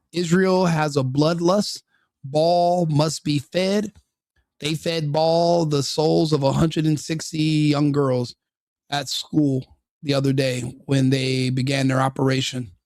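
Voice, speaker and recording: A man's voice: a little high, darkish tone, no room sound, studio quality. A man hosting a live stream, giving opinionated commentary full of rhetorical questions and repeated restarts. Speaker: streamer host.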